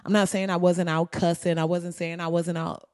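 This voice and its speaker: Brief: outspoken woman host, animated and profane, dry close sound. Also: on the low side, normal speed, no echo. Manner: profane, animated storytelling with mimicry. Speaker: podcast host. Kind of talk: casual commentary.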